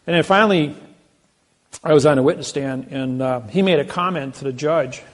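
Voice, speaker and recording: This self-styled legal advocate has a voice on the high side and speaks at a normal speed. He tells casual stories, boasting about his legal exploits and rambling with frequent restarts.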